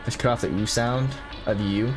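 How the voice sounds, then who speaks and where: A man's voice: mid-range voice, fairly even intonation, normal speed, over music. A young American man streaming a horror game, chatting loosely with viewers and reading game text aloud. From United States. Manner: swearing, joking with chat, drawling.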